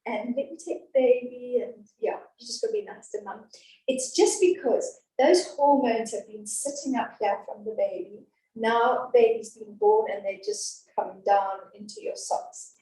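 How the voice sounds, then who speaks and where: A woman's voice: fairly high pitch, sing-song, measured pace, warm tone, a little hiss or hum. A woman teaching an antenatal class in a chatty, reassuring, down-to-earth way, in a classroom. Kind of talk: informal class talk. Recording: echoey room from a distance.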